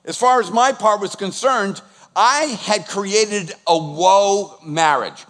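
A man in his sixties preaching with a somewhat high voice. He is animated and emphatic as a pastor. He keeps putting questions to the congregation. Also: slow pace, long reverb tail. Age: 60s. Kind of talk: sermon.

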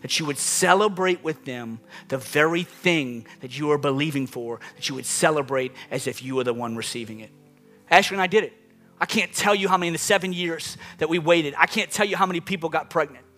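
A man's voice: a little high, a little fast, sharp tone, soft background music. A man preaching a sermon as pastor, emphatic, his voice rising and dropping with the point he makes. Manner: emphatic, rising and falling dynamically.

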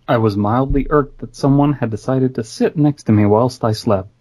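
A man of ordinary pitch reads a short horror story aloud for a podcast, recorded over a video call. Between passages he drops in dry, joking asides in a casual tone. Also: moderate pace, a little mellow. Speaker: podcast host reading a story.

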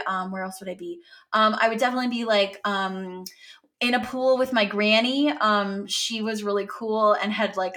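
A woman's voice: mid-range voice, a bit bright. A woman actor from Canada, a guest chatting in a rambling, self-deprecating way. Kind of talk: casual interview chat.

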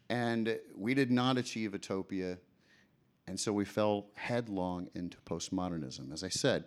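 A male preacher giving a sermon in a conversational way, often asking the audience questions. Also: fairly low pitch.

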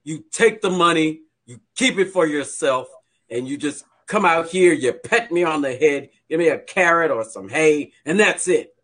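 A man's voice: a little high, expressive, moderate pace, a bit bright. A man playing a talking horse star who resents his farmer owner, in an improvised comedy scene. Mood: resentful. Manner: indignant, complaining.

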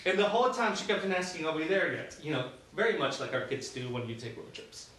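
Conversational pastor in an echoey hall. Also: male voice, a little high, fast. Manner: relaxed, conversational storytelling. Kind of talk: sermon. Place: church sanctuary. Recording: very echoey room from a distance.

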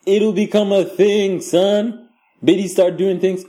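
A man's voice: sits high, normal speed, a little hiss or hum. A man co-hosting a podcast in casual banter, profane and laughing as he spins stories. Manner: animated, profane, laughing storyteller. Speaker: podcast co-host.

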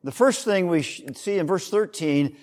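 A male pastor preaching a sermon, teaching in an explanatory way with emphatic rises and soft trailing drops. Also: high-pitched, animated, normal speed, in a large hall.

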